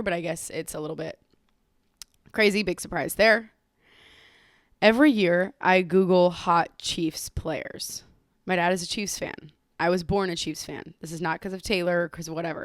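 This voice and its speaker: A woman's voice: lowish voice, fairly bright tone, no room sound, clean studio sound. Giggly young Southern woman hosting a podcast. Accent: Southern American. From Southern United States. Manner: giggly, playful, self-mocking. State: sick with covid, slowed. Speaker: podcast host. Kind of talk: casual chatty monologue.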